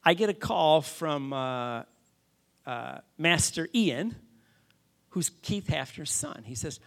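A middle-aged man preaching, telling a story with animated, self-deprecating asides to his congregation. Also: fairly high pitch, slow, gravelly. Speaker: pastor. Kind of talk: storytelling sermon.

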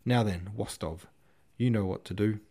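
A man putting on a rough, hot-headed cavalry officer with a lisp, shouting his lines a little higher than the reader's own voice. An audiobook figure with a blunt, violent temper. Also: moderate pace.

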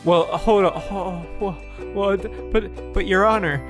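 A man's voice: high-pitched, fairly even intonation, measured pace, over music. A man playing a flustered new mother. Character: frantic new mother, a woman, gambling-obsessed. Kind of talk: improv comedy scene.

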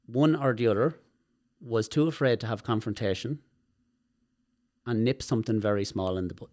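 An Irish man, a guest on a podcast, telling personal stories in an animated way and swearing freely. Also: medium pitch, moderate pace. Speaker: guest, movement specialist. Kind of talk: podcast conversation.

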